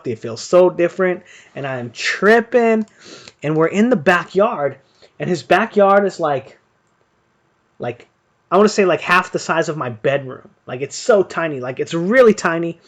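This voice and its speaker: A man's voice: fairly high pitch, a bit bright. A young man hosting a live boxing stream, casually telling a profane, rambling story full of fillers. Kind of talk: casual storytelling during live fight commentary.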